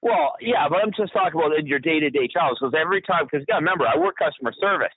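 A man's voice: on the high side, racing, breathy edge, no echo. A man from Ontario co-hosting a podcast, chatting casually, swearing freely and laughing often as he tells stories. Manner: profane, laughs often, animated storyteller. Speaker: podcast co-host. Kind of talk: casual chat. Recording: tinny phone-like audio.

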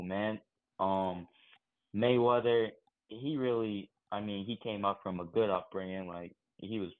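A man calling in to a show by phone, talking in a rambling, laid-back way. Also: lowish voice. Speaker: caller. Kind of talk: phone-in caller comment. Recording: phone line.

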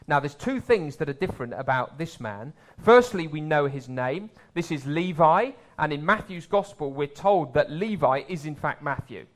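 Preacher with a lightly raised voice. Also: male voice, animated, moderate pace. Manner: conversational, swells louder for emphasis and drops low for asides. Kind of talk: sermon.

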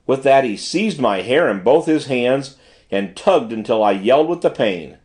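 Man, audiobook narrator, first-person storytelling, formal prose, animated pitch. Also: moderate pace. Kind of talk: scripted narration.

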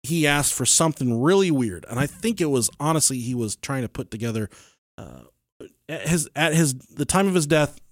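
A man hosting a podcast, telling a true-crime story in casual chat, animated and swearing freely. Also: mid-range voice, normal speed, dry recording, studio quality. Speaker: podcast host.

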